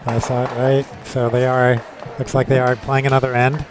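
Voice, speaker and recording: A man doing casual live curling commentary, easygoing and quick to laugh, explaining the rules. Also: mid-range voice, flat delivery, background noise.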